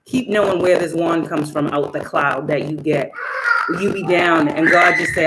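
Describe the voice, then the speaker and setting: A woman giving a spiritual tarot reading, talking emphatically, swinging between loud outbursts and soft asides. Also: sits low, steady tone, normal speed. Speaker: tarot reader and spiritual channeler. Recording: echoey room with background noise.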